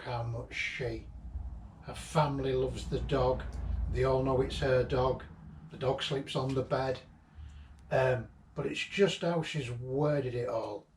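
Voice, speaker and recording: A man's voice: mid-range voice, a little mellow. A man, fondly recalling a late friend in a rambling, chuckling way. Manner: fond, chuckling, loosely ordered storytelling. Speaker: vlogger sharing memories of a late friend. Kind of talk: rambling personal reminiscence. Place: inside an old house being cleared. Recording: roomy, distant mic, faint background noise.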